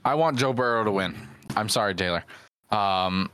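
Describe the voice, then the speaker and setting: A man co-hosting a sports podcast, chatting in a relaxed, easygoing way with fillers. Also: fairly low pitch, normal speed, smooth, dry recording. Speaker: podcast co-host. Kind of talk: casual sports chat.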